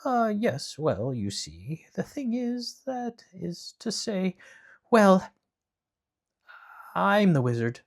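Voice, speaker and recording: A man's voice: high voice, sing-song, pitched above the performer's own voice, full character voice. A man voicing a small, ordinary man who stammers and hesitates, in a storybook reading. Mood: flustered. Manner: stammering, halting.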